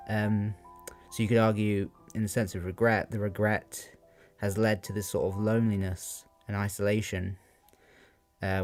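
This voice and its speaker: A man's voice: on the low side, darkish tone. A young man talking through a poem for revision, unscripted and hesitant, with many fillers. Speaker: student giving revision analysis. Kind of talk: unscripted spoken revision talk. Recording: faint guitar music behind.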